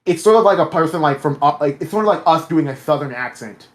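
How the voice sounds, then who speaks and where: A man with a slightly higher voice than most talks through a casual review chat. He rambles, restarts his sentences and drops the odd curse word as he works through his thoughts. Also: expressive, fast. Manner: rambling, self-correcting, swears casually. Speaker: podcast co-host.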